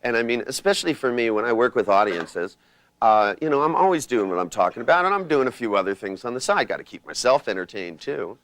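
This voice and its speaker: Animated older man teaching a seminar. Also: mid-range voice, fast, dry recording. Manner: rambling, anecdotal, acts out people's voices. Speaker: seminar trainer.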